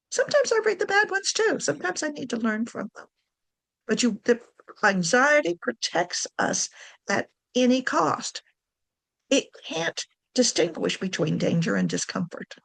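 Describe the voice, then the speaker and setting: A woman's voice: a little high, big pitch swings, a little slow, creaky, a bit bright. A woman giving a casual talk on writing to camera, chatty, correcting herself and laughing often. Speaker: writing coach.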